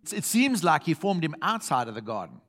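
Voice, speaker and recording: A man's voice: on the high side, sing-song, brisk, fairly bright tone. A man preaching a sermon to his congregation, reading scripture aloud and joking along the way. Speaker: pastor.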